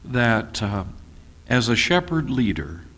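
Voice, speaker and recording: A man teaching a Bible study class, reading scripture deliberately and making folksy, teasing asides to his listeners. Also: mid-range voice, very animated, fairly bright tone.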